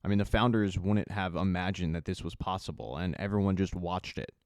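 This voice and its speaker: A man narrating a casual recap of a TV season, telling the plot in a conversational way with quick asides. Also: deep voice, darkish tone, smooth, no room sound, studio quality. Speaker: recap host.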